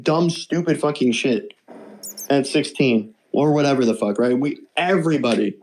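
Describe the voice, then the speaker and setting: A man streaming and chatting on a voice call, telling stories in a loose, profane, animated way. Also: mid-range voice, normal speed. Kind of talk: casual chat.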